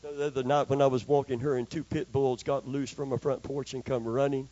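A man's voice: mid-range voice, little pitch movement, fairly quick, warm tone. An older male preacher telling a homespun story in his sermon and calling for amens from the congregation. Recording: slightly dull, dry recording.

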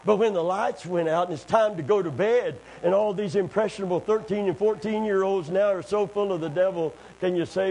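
A man preaching a sermon, calling for amens and building up to shouting. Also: sits high, fairly quick, creaky, few pauses. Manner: call-and-response, building to shouting.

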